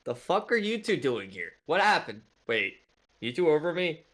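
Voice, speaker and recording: A man voicing a gruff, foul-mouthed male warrior who swears bluntly and aggressively. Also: on the high side, sing-song, moderate pace, fairly bright tone. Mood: confused, angry.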